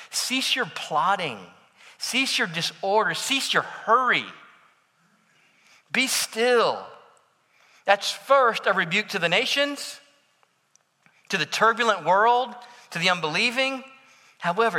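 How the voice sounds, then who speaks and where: Guy preaching a sermon, high lively voice, goes bold then almost whispers, big reverby hall. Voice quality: dramatic shifts between loud declaration and soft near-whisper. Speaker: pastor.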